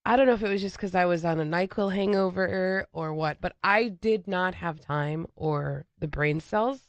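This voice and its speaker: A woman's voice: on the low side, normal speed, no room sound. A woman co-hosting a casual podcast, commenting in an emphatic, exasperated way. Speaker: podcast co-host. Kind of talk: casual chat.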